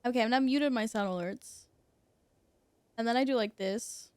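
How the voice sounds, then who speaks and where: This game streamer talks casually to her viewers, full of giggles and exclamations. Her slightly high voice is smooth and a little mellow, her pace moderate, and the recording has no room sound.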